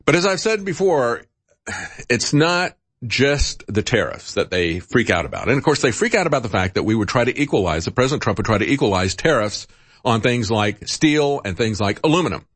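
A man hosting a political commentary show, talking in an animated, indignant and sarcastic way. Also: mid-range voice, fairly quick, slightly rough, no room sound. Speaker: radio host.

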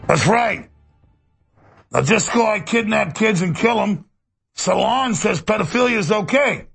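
A man's voice: high voice, animated, unhurried, soft background music, heavily acted. A man playing a menacing male killer clown with a Brooklyn accent, in a taunting, ranting comedy sketch. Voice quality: gravelly, husky. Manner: taunting, shouting rants, cackling.

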